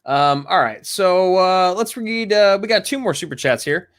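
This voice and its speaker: A man with a high voice co-hosts a laid-back movie podcast at a moderate pace. He speaks animatedly and now and then bursts into loud impressions of film lines.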